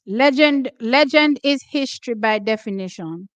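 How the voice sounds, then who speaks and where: A woman's voice: on the high side, lively intonation, moderate pace, dry recording, lo-fi sound. A young woman with a Jamaican accent hosting a casual track and field livestream, reading comments and switching between patois and standard English with frequent laughter. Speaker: host of a track and field talk stream.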